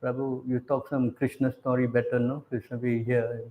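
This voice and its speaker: A man's voice: medium pitch, level tone, moderate pace, reverberant, narrow, tinny audio, slight background noise. A man preaching a sermon, emphatic, keeps asking his listeners questions. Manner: questions the audience again and again.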